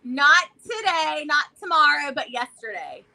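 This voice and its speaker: A woman with a Southern American accent, co-hosting a casual vlog chat in an animated, chatty way. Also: high-pitched, unhurried, creaky, poor audio. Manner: animated, chatty, loud exclamations and laughs. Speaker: vlog co-host.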